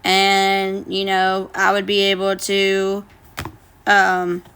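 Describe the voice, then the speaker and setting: In an extremely slow, completely flat delivery, this young woman reads viewer comments aloud during a casual phone livestream and fires back bluntly, cursing often. Her mid-range voice has a fairly bright, clean tone.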